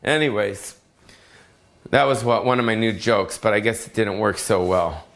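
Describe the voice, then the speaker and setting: Speaking from his Las Vegas home, this middle-aged comedian rants alone on his own show, brash, profane and meandering. He sounds gravelly and fairly low-pitched yet fairly bright, and talks a little fast.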